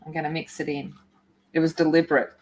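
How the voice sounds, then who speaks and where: A woman hosting a coloring livestream, chatting casually and excitedly greeting her viewers by name. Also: low voice, fast, slight background noise. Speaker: art livestream host.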